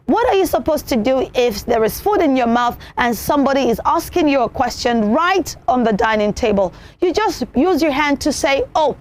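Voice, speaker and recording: Woman hosting a children's show, high-pitched and lively, acts out every example. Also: normal speed, hardly any pauses. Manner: animated, repeats points, acts out examples. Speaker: children's TV presenter. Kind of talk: teaching children on television.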